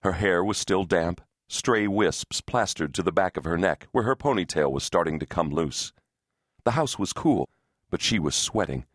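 A man narrating an unabridged thriller audiobook in a steady, tense storytelling voice. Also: low-pitched, normal speed, no room sound, clean studio sound.

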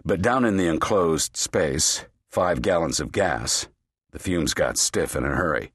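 A man narrates a thriller audiobook in a very deep, husky voice. His reading is measured and grave, and the recording is dry and close with no room sound. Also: lively intonation, fairly bright tone, no room sound.

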